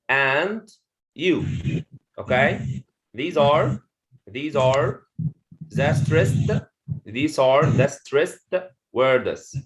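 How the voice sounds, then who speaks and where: A man teaching English pronunciation in an online class, repeating words and phrases slowly for his students. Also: a little high, poor audio. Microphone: video call.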